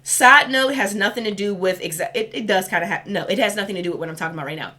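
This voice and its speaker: Bright-voiced chatty woman reader. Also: medium pitch, quick pace. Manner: chatty, rambling, swearing casually. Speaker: spiritual reader. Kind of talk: casual spiritual reading vlog.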